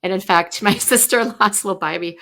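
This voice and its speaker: A woman's voice: medium pitch, fairly quick, vocal fry, fairly bright tone. A woman from Canada chatting casually on a podcast, laughing often and telling stories with animation. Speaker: education technology consultant.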